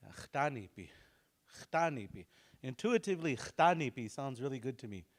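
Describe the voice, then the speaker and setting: A middle-aged man teaching a relaxed language class, joking and repeating words slowly for practice. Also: medium pitch. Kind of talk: casual online language lesson.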